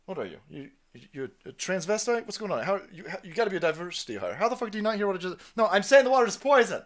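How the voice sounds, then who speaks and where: A man's voice: sits high, big pitch swings, rapid-fire. A man giving crude, mocking reaction commentary, ranting and swearing. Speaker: online commentator.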